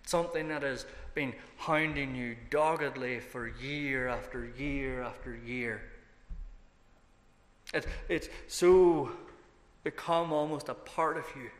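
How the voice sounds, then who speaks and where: A man's voice: mid-range voice, slow pace. A man preaching a sermon as pastor, emphatic and building through repeated phrases. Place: church sanctuary. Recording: echoey hall reverb.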